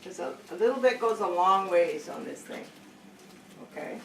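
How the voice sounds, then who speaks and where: A middle-aged woman giving a casual cooking demonstration at home, chatty and often pausing to say okay and correct herself. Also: lowish voice, lively intonation, a bit bright. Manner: chatty, keeps saying okay, corrects herself mid-sentence. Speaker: home cook teaching a family recipe. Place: home kitchen. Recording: echoey room, distant mic, faint hiss.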